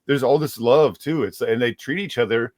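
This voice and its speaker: A man's voice: medium pitch, normal speed, a little mellow, no echo. A man chatting casually about a book, rambling with many restarts as he hunts for names. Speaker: guest reviewer.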